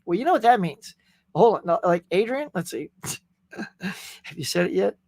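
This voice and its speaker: Chatty host, dry close sound. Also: male voice, sits high, moderate pace, creaky, pauses often, dry recording. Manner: energetic, chatty, talks to viewers by name. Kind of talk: casual livestream chat.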